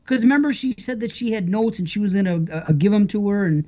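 An enthusiastic podcast co-host with a lively, swinging delivery talks films and music and swears freely. The voice sits in the middle range and the sound is a bit dull and lo-fi. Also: mid-range voice, fast. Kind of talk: casual film discussion.

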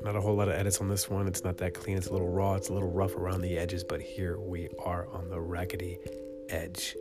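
Low-voiced man hosting a podcast, echoey room. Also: monotone, over loud music. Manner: joking, fast-talking, profane. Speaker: podcast host. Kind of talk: casual podcast chat. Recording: roomy echo, rough amateur audio.

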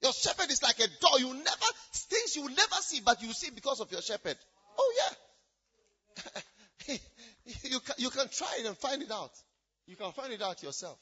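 Impassioned high-voiced preacher man. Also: animated, a little fast, slightly rough, dull audio. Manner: impassioned preaching, shouting and dropping low. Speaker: pastor. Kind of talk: sermon. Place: church.

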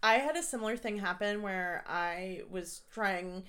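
A woman's voice: medium pitch, unhurried, fairly bright tone. A woman in her twenties, a guest in a casual chat, rambling with lots of restarts and self-mocking asides.

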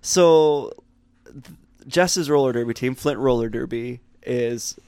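Hoarse, gravelly-voiced tired man. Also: mid-range voice, takes it slowly, a little mellow, dry recording. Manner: easygoing, storytelling. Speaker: podcast co-host. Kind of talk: casual chat.

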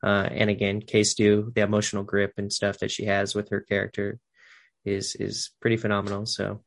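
A man's voice: fairly low pitch, completely flat delivery, moderate pace, gravelly. A Canadian man co-hosting a podcast, chatting casually and enthusiastically about a film, rambling with fillers. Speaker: podcast co-host. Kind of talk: casual film review chat.

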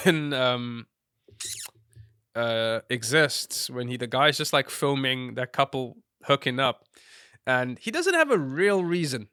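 A man co-hosting a casual film podcast, hesitant with many fillers, his voice jumping high when he is amused. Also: lively intonation, takes it slowly, sharp tone, smooth, no echo, clean studio sound. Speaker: podcast co-host.

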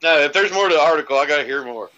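A man's voice: a little high, animated, very fast, pushed and bright, lo-fi sound. A man co-hosting a casual comedy podcast, joking playfully with a lot of swearing and spinning silly what-if scenarios. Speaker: podcast co-host.

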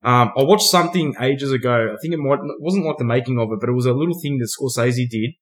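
Sex: male. Pitch: mid. Pace: rapid. Style: casual, sweary film chat on a podcast. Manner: sweary, rambling storytelling.

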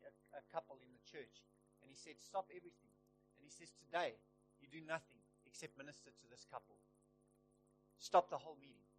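A man's voice: a little high, low-quality recording. Impassioned male preacher, faint music behind. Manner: impassioned, rising to loud emphatic peaks. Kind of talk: sermon. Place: church.

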